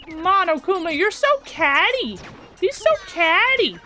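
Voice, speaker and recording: High, excitable young woman gamer. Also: a little slow, faint music behind. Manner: excitable, giggly reactions. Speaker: gaming channel host. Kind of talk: let's play commentary.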